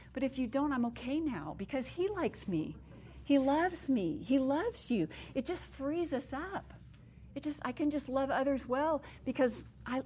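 Brief: woman, fifties, women's ministry speaker, animated storyteller who teases herself, sermon delivery. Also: a little high, slight background noise. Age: 50s. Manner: animated storyteller, self-deprecating humor, laughs while speaking.

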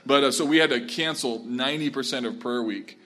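A man's voice: mid-range voice, a little fast. A man who is a pastor, telling stories earnestly and with feeling as he speaks and takes questions from church leaders in a room with a live audience. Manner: earnest, animated storytelling.

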